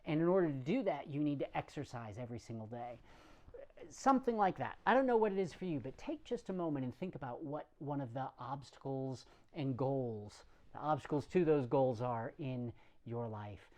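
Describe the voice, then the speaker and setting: A man preaching a conversational sermon in a relaxed, plain-spoken way, with some self-deprecating humor. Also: mid-range voice, normal speed.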